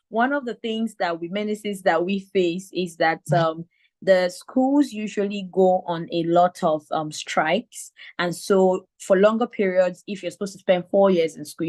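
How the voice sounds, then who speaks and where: A woman in her thirties from Nigeria with a Nigerian accent and a slight lisp, telling her story as a mentor in a live video call. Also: on the low side. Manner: animated storyteller acting out quotes. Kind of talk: live online mentoring talk.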